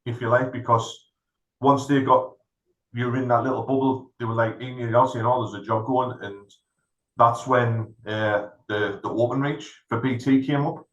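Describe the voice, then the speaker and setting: A middle-aged man tells a long anecdote as co-host of a podcast, acting out the people in it. His voice sits at an ordinary male pitch. The room around him adds a roomy echo. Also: normal speed, lo-fi sound. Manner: animated anecdote-telling, acts out other people's lines. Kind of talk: casual storytelling.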